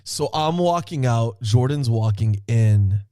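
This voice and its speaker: A man excitedly telling a story in a casual podcast chat, swearing often and laughing as he talks. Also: mid-range voice, slow pace, no room sound, studio quality. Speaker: podcast co-host.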